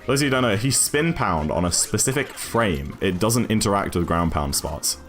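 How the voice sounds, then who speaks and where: British guy streaming a speedrun, low voice, chatty and apologetic, faint music behind. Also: expressive, fairly quick, fairly bright tone. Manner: chatty, apologetic, reads chat aloud. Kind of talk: casual live-stream chat.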